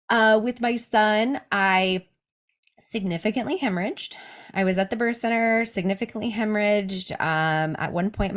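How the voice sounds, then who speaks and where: A woman in her thirties, a podcast host, candidly telling a personal story in casual chat, laughing often. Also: mid-range voice. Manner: candid, laughs often, quotes others in livelier voices.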